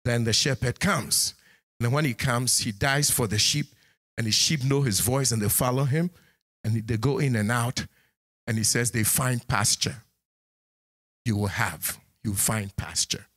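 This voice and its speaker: A man preaching a sermon in church as the pastor, scolding his congregation and swinging from low asides to high exclamations. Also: unhurried, fairly bright tone.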